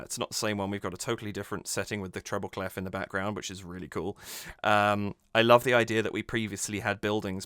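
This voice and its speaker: A man's voice: on the low side, fairly bright tone, no echo, studio quality. A man hosting a music reaction channel, analysing a cover with enthusiasm and thinking aloud as he goes.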